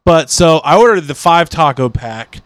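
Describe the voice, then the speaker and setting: A man's voice: on the high side, lively intonation, moderate pace, clear, resonant tone, dry recording. A man hosting a podcast, chatting casually in a rambling way with many fillers and restarts. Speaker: podcast host. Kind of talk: casual chat.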